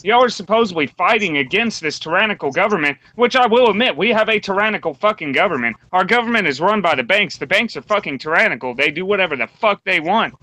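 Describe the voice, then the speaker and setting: A man's voice: sits high, animated, quick pace, few pauses, sharp tone, no echo, poor audio. A man hosting a podcast round table, delivering a blunt, combative rant full of swearing. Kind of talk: profane opinion rant.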